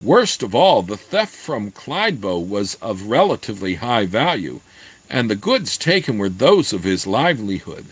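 A man reading a fantasy novel aloud, then pausing to comment with halting asides. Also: lowish voice, slightly rough, no room sound. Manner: slow, expressive, halting in asides. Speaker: reader.

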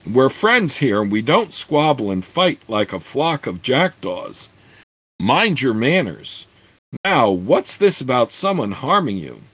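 A one-eyed bard, stern yet fatherly, as a man reading a storybook puts him on. His husky voice moves with lively pitch, slow and commanding, in a dry close recording. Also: dry recording, heavily acted.

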